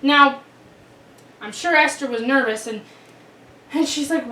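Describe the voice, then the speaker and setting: A woman telling children a Bible story in a chatty, animated way, with many restarts. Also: high-pitched, a little slow, pauses often. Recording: roomy, distant mic.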